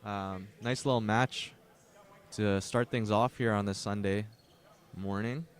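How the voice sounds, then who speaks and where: A man's voice: fairly low pitch, steady tone, takes it slowly. A young Canadian man doing casual play-by-play commentary on a livestreamed basketball game, joking to viewers between plays. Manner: chatty, joking asides to viewers. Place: gym at a basketball tournament.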